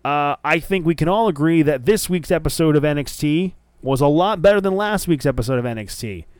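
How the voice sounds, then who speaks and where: Smooth-voiced man chatting about wrestling. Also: fairly high pitch, animated, brisk, no room sound, studio quality. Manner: enthusiastic, loose and profane, with frequent fillers. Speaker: wrestling podcast host. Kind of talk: casual wrestling commentary chat.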